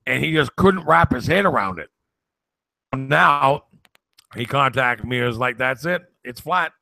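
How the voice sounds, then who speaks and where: Man, gravelly, bright forceful tone, earnest storyteller, preachy, dry close sound. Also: mid-range voice, lively intonation, measured pace, no echo. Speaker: co-host. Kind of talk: casual chat, preachy at times.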